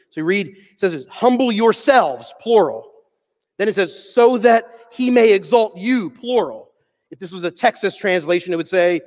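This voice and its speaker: A man preaching a sermon as pastor, swinging from loud, stressed phrases down to hushed, almost whispered endings. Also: on the high side, in a large hall.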